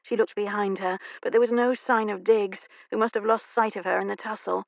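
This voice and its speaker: Gravelly woman narrating an audiobook. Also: mid-range voice, fairly even intonation, fairly quick, no echo. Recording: dry, slightly dull studio recording.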